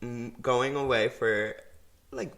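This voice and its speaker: A young man co-hosting a casual chat podcast, his voice sitting at a middle pitch. He talks loosely, with lots of "like" and "literally", and often breaks into laughter. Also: fairly even intonation, takes it slowly, fairly bright tone. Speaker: podcast co-host.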